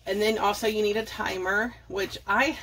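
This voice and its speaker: Breathless, gravelly-voiced woman vlogger. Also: mid-range voice, fairly even intonation, normal speed, a bit bright, slight background noise. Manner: chatty, rambling, apologetic. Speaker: budgeting and decluttering vlogger. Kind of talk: casual how-to talk to camera. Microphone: phone.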